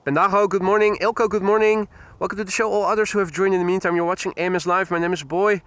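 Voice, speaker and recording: A man hosts a live plane-spotting stream, chatting and laughing as he reads out viewer comments. His voice sits high and sounds bright and crisp. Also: steady tone, fast, no room sound.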